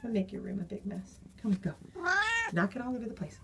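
A woman's voice: medium pitch, fast talker, creaky, background noise. A woman playing with cats and talking to them in sing-song baby talk in a home video. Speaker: cat caretaker. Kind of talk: cooing at cats.

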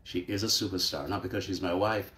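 A man's voice: low voice, fairly even intonation, fairly quick, sharp tone, reverberant. A man who presents radio news, chatting casually on a live stream with his wife.

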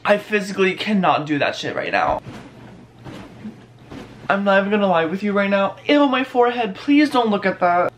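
A man's voice: sits high, big pitch swings, normal speed, pauses often, fairly bright tone, slight background noise. A young man filming a casual vlog at home in his bedroom and bathroom, talking in a sarcastic, self-mocking and dramatic way. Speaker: vlogger.

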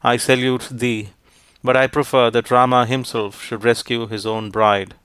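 A man voicing a grieving, faithful young princess in a storybook reading, in a measured, even tone. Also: mid-range voice, clear, resonant tone, no echo, lightly acted. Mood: earnest.

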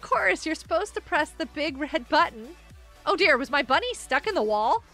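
A woman's voice: high voice, sing-song, normal speed, pushed and bright, faint music behind. A young woman streaming a game live, bubbly and exclaiming, chatting with viewers as she plays. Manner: bubbly, exclaims and laughs often, talks to chat.

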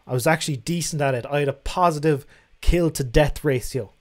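A man's voice: fairly high pitch, fairly quick. Chatty man hosting a livestream. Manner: chatty, frank, swears casually. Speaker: livestream host. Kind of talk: casual livestream chat reading viewer questions.

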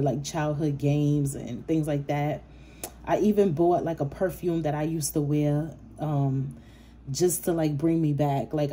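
A woman's voice: low voice, warm tone, husky. A woman giving a casual, chatty tarot reading to camera, cursing freely and breaking into sassy outbursts. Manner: chatty, profane, street slang, rising to sassy outbursts. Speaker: tarot reader.

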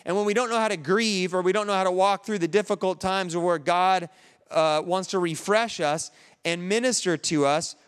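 A man's voice: high-pitched, normal speed, smooth, long reverb tail. A man, a pastor, preaching an earnest, conversational sermon while grieving.

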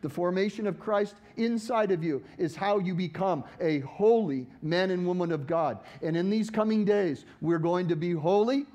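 Fervent high-voiced male pastor preaching. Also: normal speed, hardly any pauses. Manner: fervent, rising to loud exhortation. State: voice cracking. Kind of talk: sermon.

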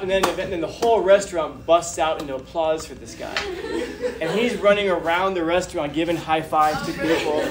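A man giving a talk to an audience, telling animated personal stories with a chatty, repetitive manner. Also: sits high. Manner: animated, chatty, repeats phrases. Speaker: guest speaker. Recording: distant mic with background noise.

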